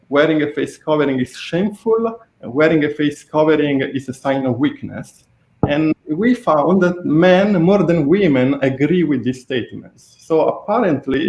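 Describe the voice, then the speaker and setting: Brief: male researcher, Italian accent, slightly high voice, halting delivery, roomy echo. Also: darkish tone. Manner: hesitant, many fillers and restarts. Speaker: researcher guest. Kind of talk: explaining study findings. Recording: echoey room on a call.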